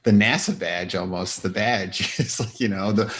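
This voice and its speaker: A man's voice: lowish voice, normal speed. A middle-aged man, a doctor and podcast guest, telling stories in casual chat and acting out what people said. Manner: animated storyteller, acts out quotes with laughs.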